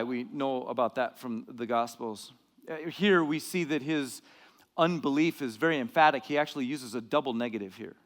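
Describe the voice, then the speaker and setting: A male pastor with a high voice delivers a sermon with lots of drama. He acts out the quoted lines and rises sharply for emphasis. His voice carries a long reverb from the church hall.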